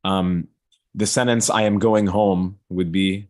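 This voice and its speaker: A man with a very low voice joins a video call to give an example. He explains hesitantly, pausing with fillers between phrases. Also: steady tone, a little mellow. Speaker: participant giving an example.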